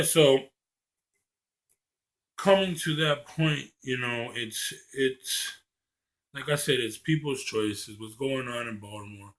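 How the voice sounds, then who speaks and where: A man's voice: lowish voice, fairly bright tone. A young man from Maryland talking earnestly to camera in a rambling vlog monologue, often stumbling over the starts of his sentences. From Maryland, USA. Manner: earnest, rambling, repeats words when starting a thought. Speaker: vlogger.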